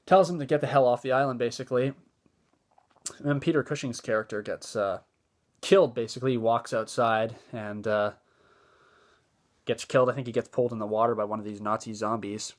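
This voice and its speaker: A man's voice: mid-range voice, steady tone, brisk, long pauses. A man giving a casual spoken movie review, easygoing and enthusiastic, with a loose retelling full of fillers and restarts.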